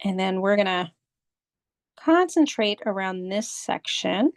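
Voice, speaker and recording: A woman's voice: medium pitch, lively intonation, a little slow, clear, resonant tone, no room sound, clean studio sound. A woman art instructor leading a step-by-step drawing lesson, patiently walking through and repeating each step. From United States.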